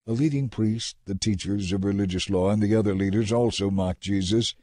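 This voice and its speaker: A man narrating scripture in a measured, dramatic reading. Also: lowish voice, mellow, no echo, clean studio sound.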